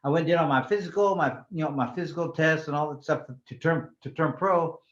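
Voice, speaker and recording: In a casual interview, a California man who used to box professionally speaks fairly quickly in a high-leaning voice. His storytelling is animated, with plenty of swearing and many restarted sentences, captured in roomy, slightly dull audio.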